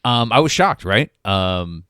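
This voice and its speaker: A man co-hosting a podcast, talking about a film in a halting way, full of restarts and ums. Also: on the low side, expressive, pushed and bright, clean tone, dry recording. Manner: hesitant, many restarts and ums. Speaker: podcast co-host. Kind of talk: casual movie review chat.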